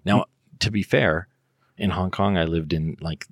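Very deep-voiced man, husky and dry. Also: measured pace, no echo. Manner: relaxed storytelling with fillers. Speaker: guest. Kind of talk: casual podcast chat.

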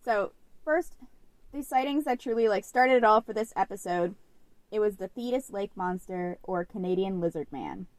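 A woman's voice: mid-range voice, animated, moderate pace, dry recording. A young woman co-hosting a podcast, telling a story in a chatty, casual way full of "like" fillers. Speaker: podcast co-host.

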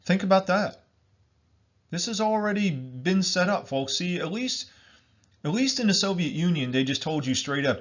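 A man's voice: fairly high pitch, lively intonation, moderate pace. Emphatic man on a dull recording. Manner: emphatic, repetitive, addresses listeners as folks. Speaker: commentator. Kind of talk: political monologue.

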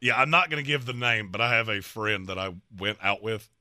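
A man's voice: lowish voice, no room sound, studio quality. A man co-hosting a sports talk show, firing off wisecracking asides in casual banter. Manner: wisecracking, animated, quick asides.

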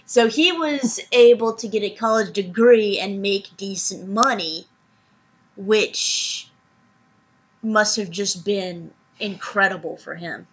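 Woman co-hosting a podcast, talks slow, dry wry little jokes. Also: medium pitch, breathy edge. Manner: dry, wry, unhurried quips. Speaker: podcast co-host. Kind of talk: casual chat.

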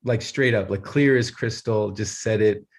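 A man in his thirties, a podcast co-host, telling a family story in a casual, animated way and laughing often. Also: lowish voice, moderate pace. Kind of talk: casual chat.

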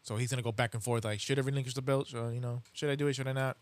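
A man's voice: medium pitch, steady tone, racing. A man co-hosting a boxing podcast, chatting casually, agreeing often and speaking in loose, rambling phrases. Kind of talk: casual chat.

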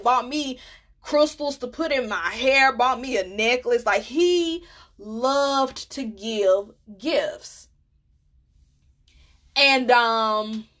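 A young woman with a high voice tells stories on her podcast. Her pitch swings widely as she talks, playful and animated, breaking into laughter often. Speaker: podcast host. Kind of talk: casual storytelling monologue.

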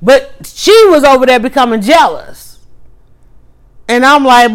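Woman livestream host, slightly high-pitched, animated and emphatic as she tells her story. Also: slight background noise. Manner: animated, talks fast with restarts and emphatic asides. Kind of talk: casual storytelling to viewers.

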